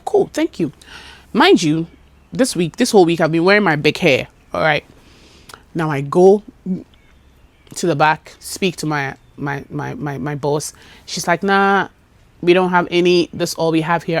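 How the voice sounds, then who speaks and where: Lively Ghanaian woman telling stories. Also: fairly low pitch. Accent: Ghanaian English. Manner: animated, acts out dialogue, mixes in Twi phrases. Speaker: vlogger. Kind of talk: casual storytelling chat.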